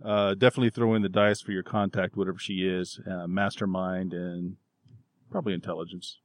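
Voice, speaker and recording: A man narrating as game master of a tabletop game, relaxed, with many fillers and chuckles. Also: low-pitched, brisk, dry recording, studio quality.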